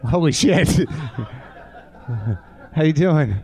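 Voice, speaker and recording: A man with a fairly high yet dark-toned, expressive voice takes his time as host of a live comedy show. He performs a profane, self-deprecating stand-up monologue straight to the theater audience.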